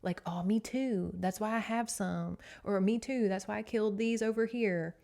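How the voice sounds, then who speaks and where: A woman's voice: medium pitch, fairly even intonation, moderate pace, gravelly, dark tone. A woman hosting a podcast, casually recapping a novel with sass and swearing. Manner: chatty, sassy, swears freely. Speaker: podcast host.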